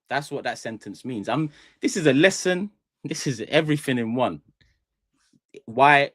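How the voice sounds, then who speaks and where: A man's voice: medium pitch, expressive, moderate pace, no room sound, clean studio sound. A young man hosting a fan channel live stream, chatting to viewers in a rambling, jokey way. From England. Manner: rambling, jokey, talks straight to chat. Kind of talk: casual live stream chat. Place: small studio room.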